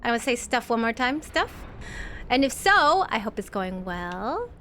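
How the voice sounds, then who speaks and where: A bright, high-pitched woman gives live gameplay commentary. Her voice swoops and bounces as she chats with viewers and mutters to herself. She is playful and casual, and throws in the odd swear. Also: very animated, normal speed, a little hiss or hum. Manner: chatty and playful, swears, talks to herself and to chat. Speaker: game streamer.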